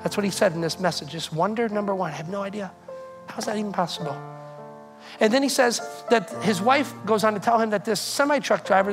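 An earnest pastor delivers a sermon as a story, often doubling back on words as the thought builds. The voice sits in a middle pitch. Music plays clearly underneath. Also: a bit bright, poor audio.

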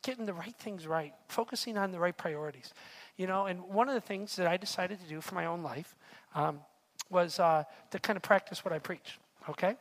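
A middle-aged pastor with a high-pitched voice talks a little fast as he preaches a sermon. His style is chatty and story-driven, with repeated words and frequent check-ins of "right?".

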